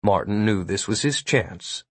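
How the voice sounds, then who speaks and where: A man narrating a fantasy story in a measured audiobook style. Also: fairly low pitch, lively intonation, breathy edge, no room sound. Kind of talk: scripted narration.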